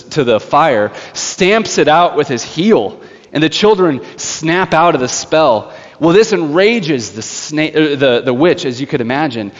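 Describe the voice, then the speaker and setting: A male pastor preaching a sermon, telling a story in an animated way. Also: on the high side. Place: church sanctuary. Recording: echoey church hall, slightly dull.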